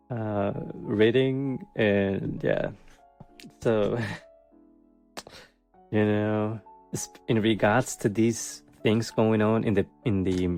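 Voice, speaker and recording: A man's voice: lowish voice, a little mellow. A man giving a casual tarot reading for the month, rambling with many fillers, chuckling often and joking with wry sarcasm. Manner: wry, self-mocking sarcasm. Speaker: tarot reader.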